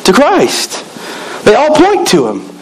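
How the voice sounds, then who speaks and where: A man's voice: extremely high pitch, wildly swooping pitch, takes it slowly, a little hiss or hum, rough recording. A middle-aged man preaching a sermon, telling a personal story with emphatic repetitions. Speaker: pastor.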